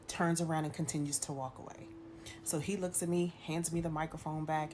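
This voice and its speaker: A woman who works for an airline, telling a story in a chatty, animated, slangy way. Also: deep voice, brisk, a little hiss or hum. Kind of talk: casual storytelling.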